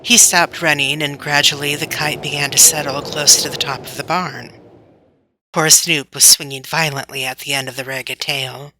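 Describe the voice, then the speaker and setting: A woman narrating a classic children's book aloud in a steady storytelling manner. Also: sits low, moderate pace, background noise. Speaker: audiobook narrator.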